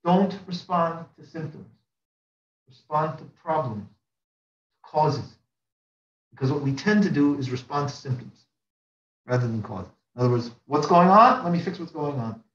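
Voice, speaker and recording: A man's voice: on the high side, animated, moderate pace, long pauses, fairly bright tone. A man, a rabbi, teaching a religious class in a rhetorical way, stacking repeated phrases and rising sharply for emphasis. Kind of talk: religious lecture. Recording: roomy, distant mic, dull sound.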